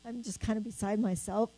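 A woman's voice: on the high side, normal speed, dark tone, poor audio. An older woman, giving a spoken testimony at church and earnestly telling her story. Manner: earnest storytelling, acts out the voices she quotes.

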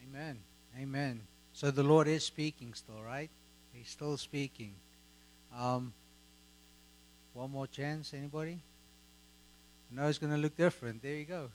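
A male pastor speaks to his congregation and invites them to share what God is telling them. He talks in an encouraging way and keeps checking in with his listeners. His voice is at a middle pitch for a man. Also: measured pace, pauses often, low-quality recording. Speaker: pastor leading the service. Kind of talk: sermon.

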